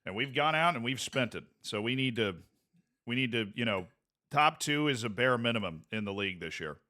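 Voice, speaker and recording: Playful, lively-voiced male game streamer. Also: medium pitch, brisk. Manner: goofy, playful, jokey asides to chat. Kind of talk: casual gameplay commentary.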